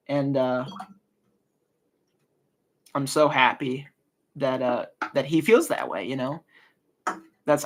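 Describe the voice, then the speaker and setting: A man's voice: a little high, creaky, a bit bright. A young man in his early twenties hosting a casual solo podcast, talking earnestly with many fillers and restarts. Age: early 20s. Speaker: podcast host.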